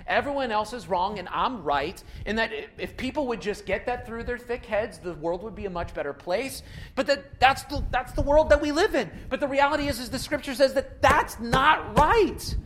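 A pastor delivering a sermon in a relaxed, conversational manner with a middle pitch. The speaker leans on repetition to drive points home and talks directly to the listeners. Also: moderate pace, a little hiss or hum. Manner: conversational, emphatic, repeats key phrases.

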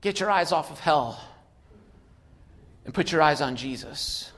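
A man preaching a sermon without notes, moving between quiet asides and loud emphatic calls. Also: on the high side, animated, measured pace. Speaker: pastor.

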